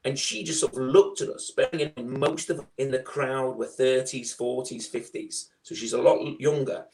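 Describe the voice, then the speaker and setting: A middle-aged man with a Liverpool accent telling his fostering story in a loud, chatty, animated way. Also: medium pitch, normal speed. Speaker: foster carer guest. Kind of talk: casual storytelling.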